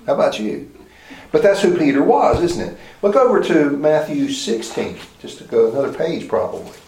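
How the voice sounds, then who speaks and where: A man's voice: on the high side, sing-song, moderate pace, a little mellow. Man teaching a Bible lesson in an echoey room. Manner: conversational, asks rhetorical questions, restarts often. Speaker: preacher. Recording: roomy echoey hall.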